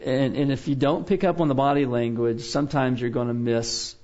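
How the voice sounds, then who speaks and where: A man teaching a biblical counseling class in a relaxed lecture style, often checking in with his listeners by asking "okay?". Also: mid-range voice, fairly quick, lo-fi sound.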